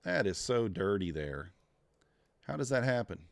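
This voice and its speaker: Day trader groaning through a live stream. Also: male voice, fairly low pitch, sing-song, unhurried, creaky, no room sound. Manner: talks to himself and chat, groans at losses. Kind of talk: casual live-stream chat.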